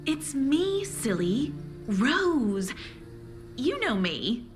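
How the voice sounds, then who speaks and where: An actress playing a chatty, overfamiliar small-town waitress who talks in an oddly cheerful, gossipy way. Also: female voice, high voice, very animated, very slow, soft background music, exaggerated voice. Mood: cheery.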